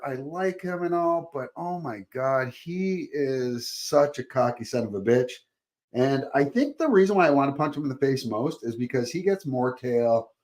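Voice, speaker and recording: A man hosting a podcast in casual chat, joking, rambling and laughing often. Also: mid-range voice. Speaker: podcast host.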